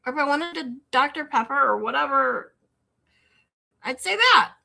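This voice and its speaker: Bright-voiced chatty Michigan woman. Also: sits high, moderate pace, creaky. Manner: chatty, animated, rambling, incredulous asides. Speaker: livestream host. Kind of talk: casual chat with live chat. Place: home in Texas.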